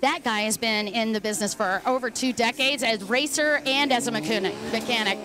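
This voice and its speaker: Fast-talking woman announcer, upbeat and chatty, fairly high voice. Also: pushed and bright. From Dallas, Texas. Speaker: race commentator. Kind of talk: live sports commentary.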